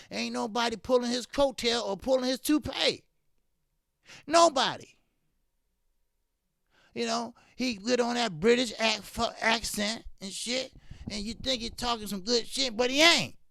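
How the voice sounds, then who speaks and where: This boxing talk show host has an extremely high, creaky voice with a bright, forceful tone, recorded in clean studio sound with no echo. On his live stream he reads chat and greets viewers, ranting fiercely, repeating himself a lot and swearing heavily.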